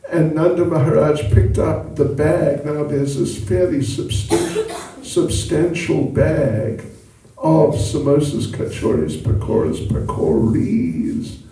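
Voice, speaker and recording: A man giving a storytelling sermon to an audience in a large hall, with asides to his listeners. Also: on the high side. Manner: animated, slow, with asides to the audience. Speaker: monk giving a talk. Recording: echoey hall from far off.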